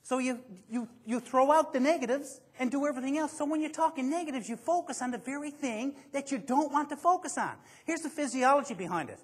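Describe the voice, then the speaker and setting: A man's voice: very high-pitched, lively intonation, fairly quick, few pauses. A man giving a motivational seminar to a live audience, joking and quizzing the listeners as he goes. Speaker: motivational speaker.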